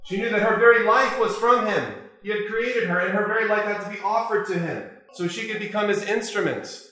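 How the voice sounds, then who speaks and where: A man preaching a sermon as an Orthodox priest, measured and full of rhetorical questions. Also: high voice, bright, forceful tone. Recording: very echoey church.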